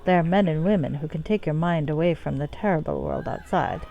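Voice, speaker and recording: A woman's voice: a little fast, vocal fry, mellow, muffled recording. A woman voicing a sultry, flirtatious female brothel madam in a put-on accent, reading game dialogue aloud and drawling endearments. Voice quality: put-on accent she calls terrible. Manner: drawls endearments with deep swoops down.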